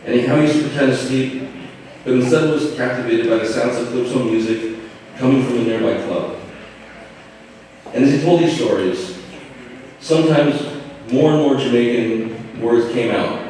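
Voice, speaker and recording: A man's voice: medium pitch, a little mellow, slight background noise. Man speaking far off in an echoey hall. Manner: informal, halting, with light humor. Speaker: son giving a eulogy. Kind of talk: memorial speech from notes. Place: large hall at a memorial gathering. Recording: echoey hall, distant mic.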